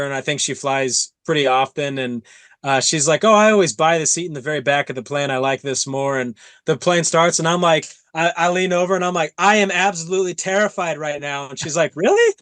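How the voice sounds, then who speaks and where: A man hosting an interview podcast, telling stories in an animated way and acting out his own quotes. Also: a little high, no echo. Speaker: podcast host. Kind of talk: casual interview chat.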